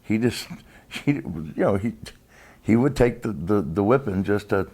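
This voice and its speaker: A man, a former wrestler, telling stories in a casual interview, rambling and halting with many restarts. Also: on the low side, lively intonation, a little mellow, husky.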